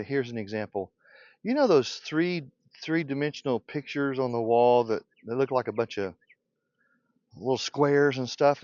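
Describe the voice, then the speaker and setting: An older man rants with fire and blunt provocation, and he laughs often as he speaks. His pitch leaps up and down with animated swings. The recording sounds dull and lo-fi, with a dry, close sound. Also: no echo. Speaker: beekeeping teacher. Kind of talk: passionate unscripted rant.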